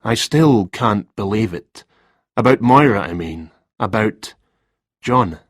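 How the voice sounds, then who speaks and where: A man voicing a nervous middle-aged male writer who rambles and hedges, with a husky voice. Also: on the low side, animated, slow pace, no echo, clean studio sound. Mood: subdued. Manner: hesitant, rambling and defensive.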